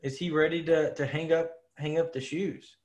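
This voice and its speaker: A man's voice: fairly high pitch, steady tone, normal speed, darkish tone. Laid-back man in casual sports talk. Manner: laid-back, argues with long examples. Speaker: podcast co-host.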